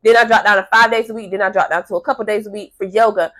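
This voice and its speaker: A woman telling a long personal story to her camera in a casual, animated way, swearing freely and acting out the people in it. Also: medium pitch, racing.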